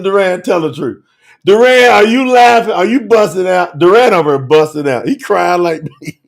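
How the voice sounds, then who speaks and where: High-voiced, lively man teaching scripture. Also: unhurried, creaky. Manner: animated, colloquial, laughing, calls out viewers by name. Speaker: bible teacher. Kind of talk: excited scripture teaching on a livestream.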